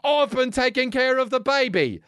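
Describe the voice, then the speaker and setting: Commanding chef, high and curt, a man doing the impression. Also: lively intonation, moderate pace, a bit bright, clean tone, no echo, clean studio sound. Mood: bossy. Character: bossy male celebrity chef barking orders.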